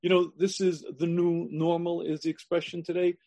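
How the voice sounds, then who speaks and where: A man gives a sermon-style lecture over a video call in a high, mellow voice. He is emphatic, doubles up his phrases and clears his throat often. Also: flat delivery, moderate pace. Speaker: rabbi giving a lecture.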